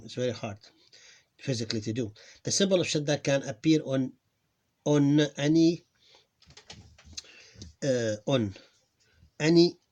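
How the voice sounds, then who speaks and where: A man who is losing his voice, teaching a pronunciation lesson. He talks haltingly, repeats words and drills sounds slowly, clearing his throat now and then. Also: medium pitch, a little mellow. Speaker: Arabic teacher. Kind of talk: live online lesson.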